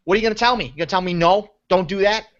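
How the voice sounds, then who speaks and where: A man's voice: sits high, rapid-fire, close to an everyday voice. A man with a Long Island accent voicing a brash, hot-tempered male mobster who rambles and boasts in tough-guy patter. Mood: swaggering. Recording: dull lo-fi podcast audio.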